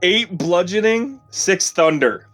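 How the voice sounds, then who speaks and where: A man playing in a tabletop game, asking deliberate questions about the rules. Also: sits high, expressive, fairly bright tone, faint music behind. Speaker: player. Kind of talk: casual tabletop game chat.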